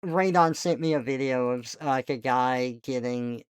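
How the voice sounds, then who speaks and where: A woman streamer chatting casually on a live art stream in a relaxed manner. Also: extremely low pitch, moderate pace, clear, resonant tone, no echo, studio quality. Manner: relaxed, casual, swears freely.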